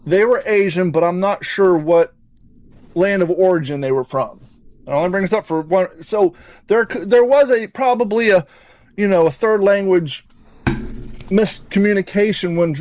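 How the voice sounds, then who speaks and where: A man hosting a podcast, telling a rambling, profane story in an animated, casual way. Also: sits high, moderate pace. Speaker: podcast host.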